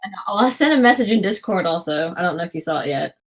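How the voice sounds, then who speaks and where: A woman playing a tabletop game, talking in a plain, matter-of-fact way. Her voice sits a bit low. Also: animated, quick pace. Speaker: player. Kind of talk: casual tabletop play.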